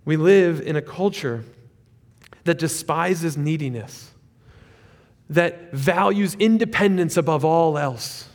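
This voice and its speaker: A male pastor preaching a sermon, animated, rising to loud peaks and dropping to quiet asides. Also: a little high, slow pace, big-room sound.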